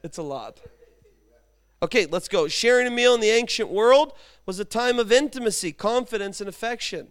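A man delivers a sermon in an easygoing, chatty way, full of asides to the congregation. His voice sits high and rings clear and smooth. He tells his stories as if he were talking with friends. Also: expressive, moderate pace. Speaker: pastor. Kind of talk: conversational sermon.

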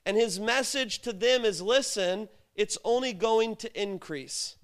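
A man's voice: high voice, measured pace, fairly bright tone, smooth. A man preaching a sermon, telling stories, acting out quoted voices and asking the listeners rhetorical questions.

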